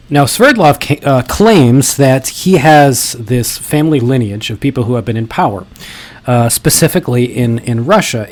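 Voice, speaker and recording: A man talks straight to camera in a loose, conversational commentary. He sounds skeptical and often corrects himself mid-sentence, with plenty of "uh" and "um". His pitch sits right in the middle for a man. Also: a little mellow. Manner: conversational, frequent fillers and self-corrections. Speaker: video host.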